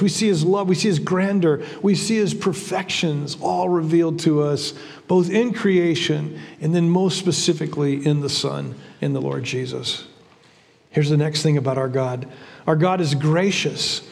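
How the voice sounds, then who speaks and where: A man's voice: sits high, a little mellow, in a large hall. A man preaching a sermon as pastor, in a conversational style with frequent repeats and restarts.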